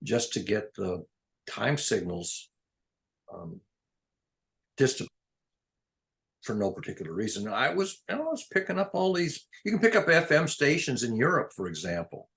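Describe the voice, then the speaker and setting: A man's voice: medium pitch, big pitch swings, a little slow, vocal fry, pauses often, a bit bright. An older man in a casual, rambling chat, drifting between topics and chuckling often. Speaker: conversation partner.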